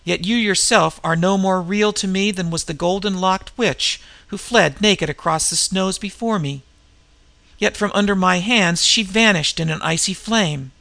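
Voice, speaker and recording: A man's voice: high voice, measured pace, pushed and bright, no echo, exaggerated voice. A man voicing a dazed young barbarian warrior, speaking in a plain, bewildered way in a storybook reading. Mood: haunted. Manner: dazed, hoarse-edged plain speech.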